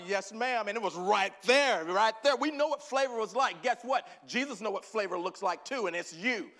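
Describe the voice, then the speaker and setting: Texan preacher, man, high bright voice, goes from hushed to fired-up shouting. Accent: Texan Southern. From Northeast Texas. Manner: swings from low, quiet musing to loud, fervent, drawn-out preaching; laughs and exclaims often. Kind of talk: sermon.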